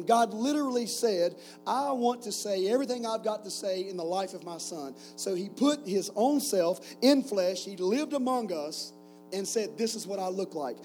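A man's voice: high-pitched, mellow, poor audio. A man in his forties preaching to a camp group, telling stories with jokes and rhetorical questions. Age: 40s. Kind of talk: sermon with stories.

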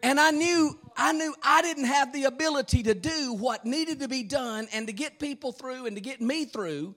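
A man preaching a fervent sermon, repeating phrases and breaking into shouts. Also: very high voice, moderate pace.

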